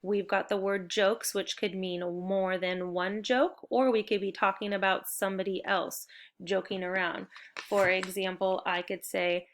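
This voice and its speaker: A woman teacher leading a spelling lesson for young children, upbeat and encouraging as she gives clear step-by-step directions. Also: medium pitch.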